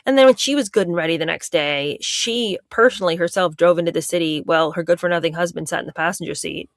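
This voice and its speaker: A woman's voice: fairly low pitch, quick pace, no echo, studio quality. A woman commenting casually with a sarcastic, incredulous manner. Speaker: guest commentator.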